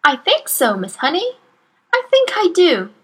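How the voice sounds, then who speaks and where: Brief: woman reading as a tiny, serious young girl, polite and plain-spoken, high-pitched, with lively pitch. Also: unhurried, heavily acted. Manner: quiet, polite, matter-of-fact. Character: tiny serious five-year-old girl, quiet and polite. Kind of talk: storybook reading.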